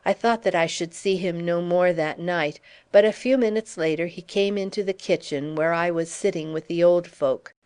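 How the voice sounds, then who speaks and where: Woman reading an audiobook, lowish voice, smooth and clear. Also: moderate pace, hardly any pauses. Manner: steady storytelling. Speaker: audiobook narrator. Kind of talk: scripted narration.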